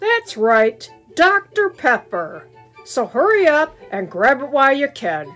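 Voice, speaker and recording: Lady doing a newsreader voice, mock-formal, homemade skit, slow, faint music behind. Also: sits high, sing-song, fairly bright tone, heavily acted. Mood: upbeat. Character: adult news announcer delivering bad news.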